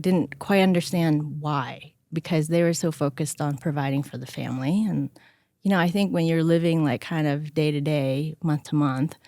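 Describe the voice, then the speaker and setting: Expressive woman guest telling stories. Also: low voice, dry recording, studio quality. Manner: animated, acts out quoted voices. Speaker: interview guest. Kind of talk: conversational storytelling.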